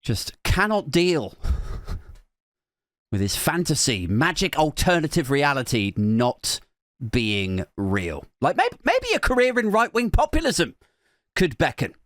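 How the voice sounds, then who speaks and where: A man's voice: on the high side, wildly swooping pitch, unhurried, a bit bright, no room sound. A young man hosting a podcast, telling a comic, self-mocking story in a rambling way, with lots of "like". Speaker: podcast host. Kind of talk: comic monologue.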